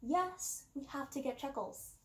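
A woman's voice: sits high, expressive, unhurried. A woman voicing a blunt, brash male rat detective in a storybook reading. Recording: roomy echo.

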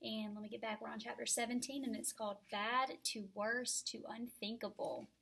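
A woman teacher reading a novel aloud to her students from home, expressive and dramatic, into a computer mic. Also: fairly high pitch, moderate pace, vocal fry, breathy edge. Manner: animated, dramatic storytelling. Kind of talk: expressive first-person read-aloud.

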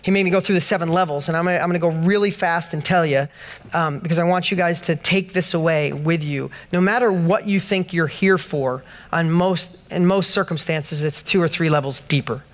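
A man's voice: fairly high pitch, brisk. A man giving a motivational speech to a live audience at an event, telling a personal story with passion and building to emphatic peaks. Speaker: motivational speaker. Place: event hall stage.

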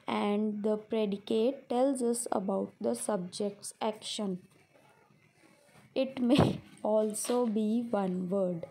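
Slow, mellow-voiced woman teacher. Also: medium pitch, steady tone. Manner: slow, explanatory, repeats examples step by step. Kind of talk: classroom grammar lesson.

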